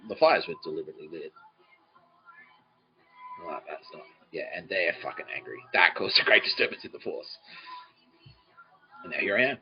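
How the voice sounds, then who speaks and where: A man, hosting a podcast in a rambling comedic monologue, swearing often and laughing mid-sentence. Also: deep voice. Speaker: podcast host. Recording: dull lo-fi recording with faint music.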